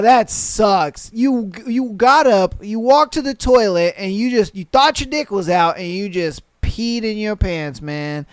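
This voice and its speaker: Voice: mid-range voice, expressive, unhurried, few pauses, no room sound. A podcast host chatting casually on a solo show, cursing freely, laughing often and reacting to listener posts.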